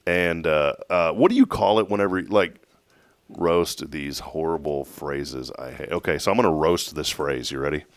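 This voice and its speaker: A man's voice: rumbling low, moderate pace, dry recording. A man co-hosting a morning talk show, roasting phrases with theatrical sarcasm. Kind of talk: casual chat.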